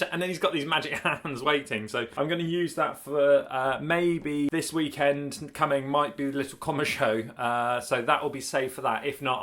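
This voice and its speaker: A man's voice: medium pitch, fairly bright tone. A man vlogging in casual chat, rambling, laughing often and correcting himself as he goes. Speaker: cycling vlogger.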